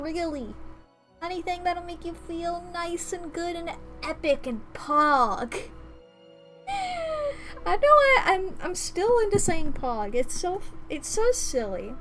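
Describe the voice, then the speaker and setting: Brief: woman streamer, rambling giggly chat, unhurried delivery, faint music behind. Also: high voice, fairly bright tone. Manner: rambling, giggly, playful slang. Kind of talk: casual chat during an ad break.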